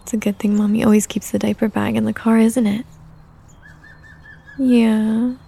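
A young adult woman in a whispered role-play, speaking in a soft, coaxing caretaker's tone. Her voice is mellow and husky with a low gravel of fry. She keeps her pitch flat and even throughout. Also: normal speed. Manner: soothing, coaxing caretaker talk, mostly soft and close.

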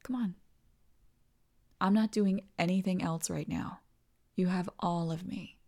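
A woman in a whispered role-play as a doting partner, talking softly and tenderly and often dropping into whispers. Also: lowish voice, fairly even intonation, moderate pace. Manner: soft, tender, soothing, slips into whispers. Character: doting, reassuring partner comforting the listener.

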